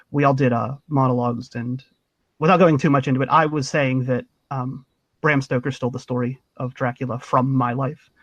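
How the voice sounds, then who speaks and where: A man's voice: mid-range voice, no echo. Chatty man, muffled dry sound. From Pittsburgh. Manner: laughs often, chatty with frequent restarts. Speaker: podcast guest. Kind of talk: casual chat.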